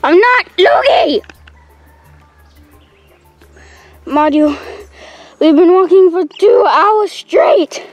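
A woman's voice: extremely high pitch, lively intonation, slow, no room sound, muffled recording, heavily acted. Luigi, a whiny nervous guy. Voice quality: whiny, complaining. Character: whiny nervous grown man, easily scared. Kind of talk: comedy sketch acting.

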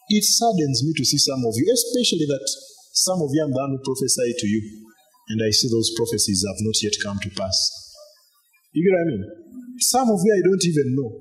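A pastor preaching a sermon in a loose, conversational way, repeating phrases and using fillers. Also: male voice, medium pitch, low-quality recording.

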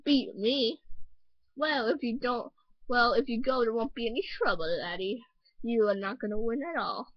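A woman's voice: a little high, normal speed, no room sound, dull audio, natural voice. A woman doing a taunting Leprechaun King. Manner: taunting, says "laddie". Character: boastful male Leprechaun King.

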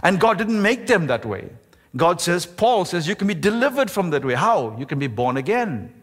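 A man, the pastor, preaching a sermon with emphasis, slowing down and stretching key words. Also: high voice, sing-song. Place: church sanctuary. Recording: echoey church hall.

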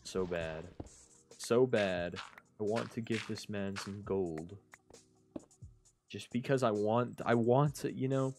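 A man's voice: lowish voice, takes it slowly, pauses often, darkish tone, a little hiss or hum. A man streaming a game, rambling and mumbling to himself, often trailing off mid-sentence. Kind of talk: casual gameplay commentary.

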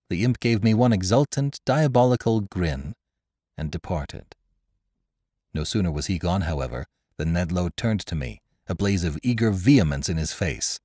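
A man narrating an adventure story aloud in a dramatic, expressive first-person telling. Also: deep voice, normal speed, no room sound, studio quality. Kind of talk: scripted audiobook narration.

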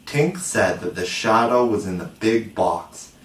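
A man narrating a storybook in a measured, expressive way. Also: fairly low pitch. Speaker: audiobook reader. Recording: roomy, distant mic.

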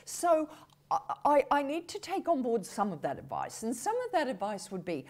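A woman speaking in a video-call interview with a very lively, swooping pitch. Her voice sits at a middle height for a woman but jumps high whenever she demonstrates a point. Her manner is animated and demonstrative. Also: normal speed. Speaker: communication expert guest. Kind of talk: conversational interview.

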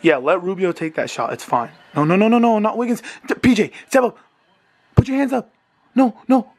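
A man's voice: high-pitched, moderate pace. A young man in his twenties reacting live to a basketball game at home, anxious and pleading, swearing and groaning as he talks into a handheld camera. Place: home, indoors.

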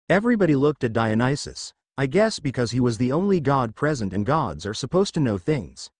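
A man reading a first-person fantasy story aloud as narrator, giving every character the same even narrating voice. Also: medium pitch, brisk, few pauses, no room sound.

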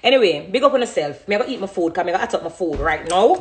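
On her phone live stream, a Jamaican woman in her thirties talks very fast in a lowish voice. She's animated and chatty, reading out her viewers' comments as she goes.

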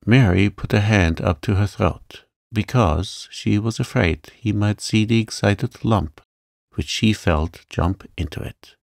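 A man reading a classic novel aloud as a gentle, calm bedtime story for adults. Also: on the low side, unhurried, creaky, no room sound, studio quality. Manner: gentle, soft-spoken. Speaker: narrator. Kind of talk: calm sleep-story narration.

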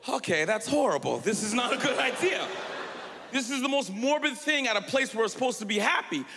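A male stand-up comedian performing a set on stage, shouting punchlines over audience laughter. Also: extremely high pitch, lively intonation, brisk, over music. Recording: live hall with long reverb.

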